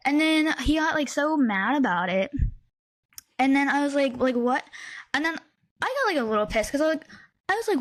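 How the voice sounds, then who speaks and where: A woman's voice: sits high, normal speed, no echo. A woman in her twenties from the Midwestern US, co-hosting a podcast in casual chat, telling stories animatedly and saying "like" a lot. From Midwestern United States. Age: 20s. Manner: animated storytelling, heavy use of "like". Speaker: podcast co-host.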